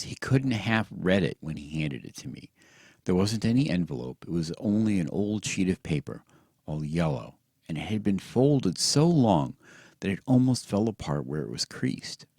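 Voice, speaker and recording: Deep-voiced man reading a bedtime story. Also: vocal fry, slightly rough, no echo, clean studio sound. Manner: soft and soothing. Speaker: audiobook narrator.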